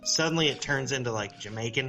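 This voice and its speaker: A man's voice: medium pitch, bright, forceful tone, soft background music. A man co-hosting a podcast in casual comic chat, often restarting his sentences. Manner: halting, restarts often, laughs along. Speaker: podcast co-host.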